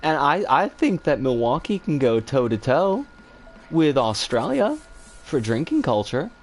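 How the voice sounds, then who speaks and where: A man streaming and chatting casually, answering viewer comments in a rambling, animated way with some swearing. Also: mid-range voice, normal speed, soft background music.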